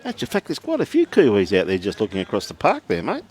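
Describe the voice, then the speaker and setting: A man's voice: lowish voice, wildly swooping pitch, fast, darkish tone, slight background noise. Chatty Australian man commentating bowls. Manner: chatty, laughing, calls everyone mate. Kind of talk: live sports commentary.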